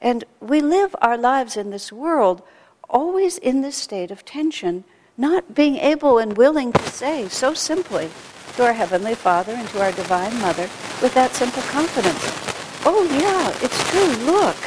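A woman's voice: on the high side, lively intonation, moderate pace, background noise. Woman giving a talk in a reverberant hall. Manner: storytelling with laughter and acted-out quotes. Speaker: spiritual speaker. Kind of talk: sermon. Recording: long reverb of a large hall.

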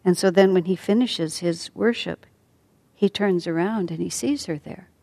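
A woman teaching a class as a storyteller, speaking softly and often sinking to a near whisper. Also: fairly low pitch, moderate pace, gravelly. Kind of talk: storytelling lesson.

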